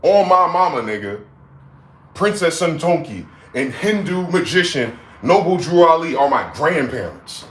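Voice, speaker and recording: A man in his forties hosting a livestream, ranting with heated outbursts that drop to low mutters. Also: sing-song, measured pace. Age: 40s. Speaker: livestream host. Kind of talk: profane rant. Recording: echoey room with faint background noise.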